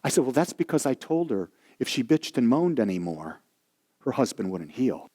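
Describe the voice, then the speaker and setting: A man's voice: mid-range voice, normal speed. A male minister giving a sermon, telling stories and acting out the voices of the people in them. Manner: animated storyteller acting out quoted voices. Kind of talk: sermon with storytelling.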